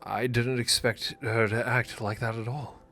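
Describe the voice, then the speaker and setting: Man as shaken groom, soft and apologetic, mid pitch. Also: little pitch movement, measured pace, faint music behind. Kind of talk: text-message drama reading.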